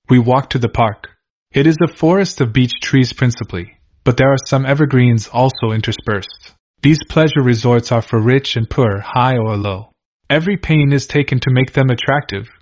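Man in a measured, earnest reading. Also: mid-range voice, a little mellow. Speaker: reader. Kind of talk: reading aloud from a historical diary. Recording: dull lo-fi recording.

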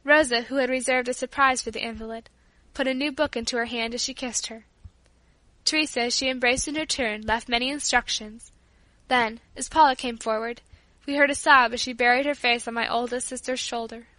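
A woman narrating a storybook chapter in a measured, clear audiobook reading. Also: fairly high pitch, fairly even intonation, bright, forceful tone, dry recording.

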